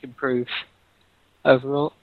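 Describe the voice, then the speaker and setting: A man co-hosting a casual podcast chat, thinking aloud in halting phrases. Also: mid-range voice, little pitch movement, dry recording. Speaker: podcast co-host. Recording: dull, dry lo-fi mic.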